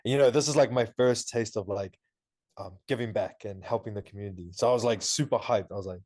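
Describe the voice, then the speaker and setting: A young man in his twenties from New Zealand, a podcast guest and student telling stories in an animated, laughing way with lots of fillers. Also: medium pitch, brisk, dry recording, studio quality. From Auckland, New Zealand. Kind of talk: casual interview talk.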